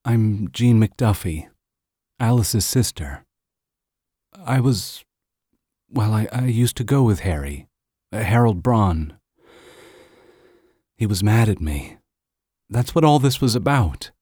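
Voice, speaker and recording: A man's voice: on the low side, expressive, slow pace, pauses often, warm tone, husky, no echo, studio quality, pitched above the performer's own voice, full character voice. A man voicing a shaken young woman who feels guilty, her voice wobbly and tearful, in an audiobook.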